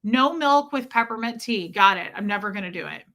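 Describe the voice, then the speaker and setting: A woman hosting a livestream, reading viewer comments and mimicking people in animated put-on voices. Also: mid-range voice, fairly quick. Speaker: livestream host.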